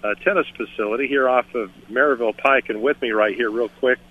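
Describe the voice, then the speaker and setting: A man's voice: medium pitch, fast talker, breathy edge. Man on a dull lo-fi remote line. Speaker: remote field reporter. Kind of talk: live remote radio report.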